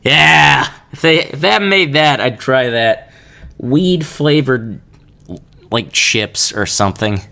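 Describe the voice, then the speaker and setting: A man's voice: medium pitch, animated, slow pace, creaky, pushed and bright. A young man hosting a casual solo podcast, rambling and joking with laughs between his thoughts. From Kansas. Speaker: podcast host.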